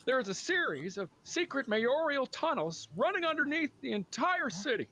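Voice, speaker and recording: A man voicing a timid old mayor and fretful husband who stammers, pleads and breaks into song in an animated film. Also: very high-pitched, moderate pace, slight background noise, heavily acted, low-quality recording. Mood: explaining.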